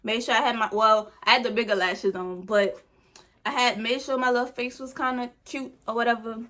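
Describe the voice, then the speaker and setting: A woman's voice: fairly high pitch, steady tone, a little fast, sharp tone. Frustrated young woman venting about a wig. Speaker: beauty vlogger. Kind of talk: casual product review.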